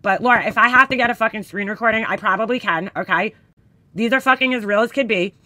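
A woman's voice: fairly high pitch, fast talker, sharp tone, no echo. A woman hosting a casual drama commentary, reading screenshots of texts aloud with blunt, profane, sarcastic asides.

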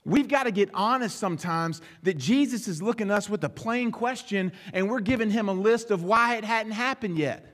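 A man preaching a sermon as pastor, animated, acting out short snatches of dialogue as he goes. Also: sits high, fairly quick, few pauses. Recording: long reverb of a large hall.

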